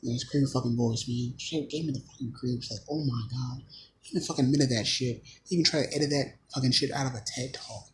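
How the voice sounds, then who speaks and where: A man's voice: mid-range voice, a little fast, slight background noise, poor audio. A man talking to camera in a rambling, profanity-heavy monologue, often hesitating and restarting his sentences. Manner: swearing constantly, hesitant, restarting. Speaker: channel host.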